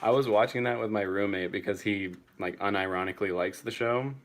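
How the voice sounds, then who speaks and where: A man's voice: on the low side, steady tone, fairly quick. A young man answering chat casually on a live stream, swearing freely and laughing often.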